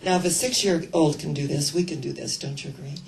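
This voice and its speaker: A woman's voice: deep voice, fast talker, vocal fry, low-quality recording. Older woman preaching with storytelling flair. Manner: storytelling, expressive, leads congregation in breathing. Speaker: minister. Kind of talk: sermon.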